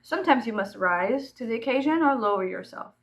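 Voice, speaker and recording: A woman's voice: a little high, animated, fairly quick, low-quality recording. A woman from Texas with a Texan accent, rambling casually and profanely, often laughing and dropping to a murmur. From Texas, USA. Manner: giggly, profane, freewheeling, drops to murmurs. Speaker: vlogger.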